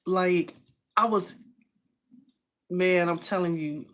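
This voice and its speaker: A woman hosting a casual crafting live stream from home. She talks in an excitable, chatty way, says "y'all" a lot, and answers viewers' comments aloud. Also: lowish voice, takes it slowly. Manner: uses y'all and informal phrasing.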